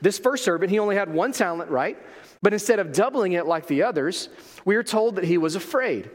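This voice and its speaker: A man's voice: high voice, animated, brisk, big-room sound. A man delivering a sermon as a pastor, emphatic and full of rhetorical questions.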